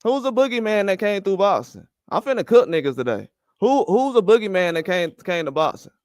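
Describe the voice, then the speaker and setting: This older man, a boxing commentary host, rants heatedly and profanely, circling back to the same rhetorical questions. His high voice has a sing-song lilt and runs a little fast, recorded dry at studio quality.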